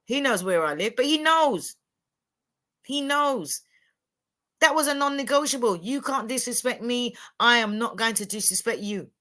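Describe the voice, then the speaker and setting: A woman's voice: on the high side, expressive, moderate pace, sharp tone. A woman, telling blunt, emphatic stories as a guest on a livestream panel. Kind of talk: candid livestream chat.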